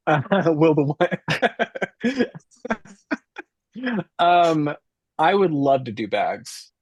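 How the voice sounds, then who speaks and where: A man's voice: fairly high pitch, very animated, extremely slow, pauses often, darkish tone, slightly rough, no echo. A man, a company founder, talking as a guest in an easygoing casual chat, thinking aloud as he goes.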